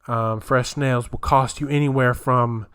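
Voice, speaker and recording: A man's voice: medium pitch, fairly even intonation, a little slow, a bit bright, smooth, no echo, studio quality. A young man hosting a solo comedic podcast, rambling and incredulous as he riffs while reading aloud. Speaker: podcast host. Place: small home room, camera on floor.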